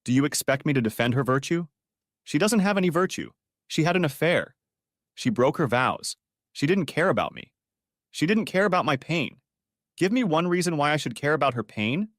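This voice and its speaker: A man's voice: medium pitch, expressive, moderate pace, a bit bright, no echo, clean studio sound, lightly acted. A man voicing a bitter, heartbroken mechanic who rants in an audiobook story. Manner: bitter, ranting.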